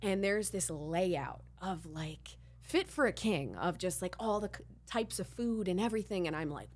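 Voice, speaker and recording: Woman host, low-pitched voice, animated candid storytelling, swears freely, acts out quotes. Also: moderate pace, few pauses. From Miami, Florida. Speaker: podcast host.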